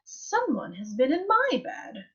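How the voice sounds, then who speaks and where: A woman's voice: high-pitched, huge pitch swings, unhurried, voice pushed up, exaggerated voice. A woman voicing a fussy middle-sized Mama Bear in a storybook reading, in a raised, fretful tone. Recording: muffled live-stream audio.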